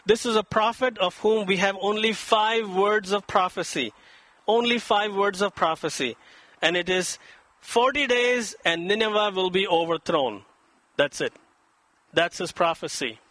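A man preaching a sermon in a high, bright voice, and he throws himself into the quoted lines with dramatic emphasis. The sound is dry and close, with no room echo. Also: measured pace. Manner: dramatic, acts out quoted voices with rising pitch. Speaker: pastor.

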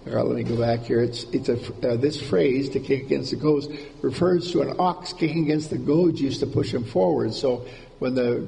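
A man's voice: medium pitch, vocal fry, warm tone. A man preaching a conversational sermon in an informal way, repeating key words for emphasis, heard in a reverberant hall with faint background noise.

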